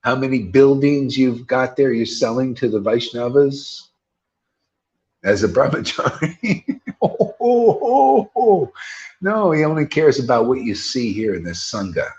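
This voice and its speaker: A man giving an informal devotional sermon as a spiritual teacher, animated and joking in a preacherly way. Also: mid-range voice, normal speed, lo-fi sound.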